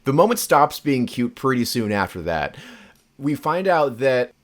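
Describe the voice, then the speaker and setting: A woman's voice: rumbling low, sing-song, unhurried. A woman co-hosting a podcast, recapping a film casually with a wry, sarcastic edge. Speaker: podcast co-host.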